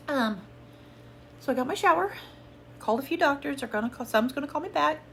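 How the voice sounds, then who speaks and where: A woman chatting casually to her viewers at home while sick, hoarse and coughing, rambling and apologetic. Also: high voice, animated, fast talker, a bit bright, slight background noise. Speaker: haul vlogger. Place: at home, sitting.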